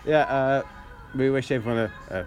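A man's voice: mid-range voice, steady tone, moderate pace, soft background music. A man co-hosting a podcast, chatting casually in a pub and telling long rambling jokes with lots of restarts. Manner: rambling storyteller with restarts, acts out voices. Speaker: podcast co-host. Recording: faint background noise in a pub.

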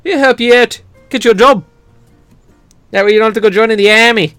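A man's voice: sits high, brisk, a bit bright, clear, resonant tone, no room sound, faint music behind, voice pushed up. A man voicing a cheeky young male chimney sweep from an old-time city street, chirpy and sing-song. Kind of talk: improvised comic voice during game chat.

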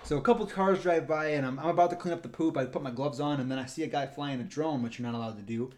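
A man's voice: fairly high pitch, quick pace. A man co-hosting a casual podcast, telling a rambling anecdote about his work in a park and acting out the people in it. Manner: rambling, acts out voices in anecdotes. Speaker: park ranger and podcast co-host. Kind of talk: casual storytelling.

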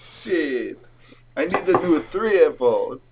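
A man's voice: a little high, sing-song, takes it slowly, noisy background. A man improvising a goofy alien brother with a put-on French-Jamaican accent, dropping French "oui" into his talk. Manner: sing-song, throws in "oui, oui". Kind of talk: comedic improv role-play.

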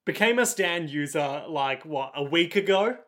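A man co-hosting a casual anime recap, narrating scenes in a dry, deadpan way with jokey asides. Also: fairly high pitch, moderate pace. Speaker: podcast co-host.

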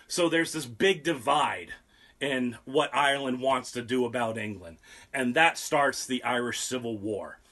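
A man's voice: medium pitch, lively intonation, normal speed, vocal fry, pushed and bright. A young man hosting a podcast, rambling through history in casual talk, profane and sarcastic. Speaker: podcast host.

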